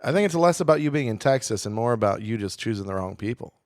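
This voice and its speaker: A man's voice: mid-range voice, expressive, fast, no room sound, clean studio sound. A man co-hosting a comedy podcast, chatting casually with crude jokes and rambling asides. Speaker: podcast co-host.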